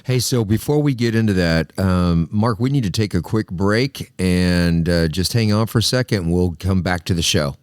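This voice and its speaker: Deep-voiced man hosting a podcast. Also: normal speed, few pauses, no room sound, studio quality. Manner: reflective, hesitant with fillers. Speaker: podcast host. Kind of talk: casual interview.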